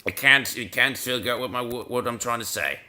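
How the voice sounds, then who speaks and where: A man's voice: medium pitch, a little fast, pushed and bright. A man hosting a casual let's-play video, rambling and self-mocking as he stammers and repeats his words. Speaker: gaming video host.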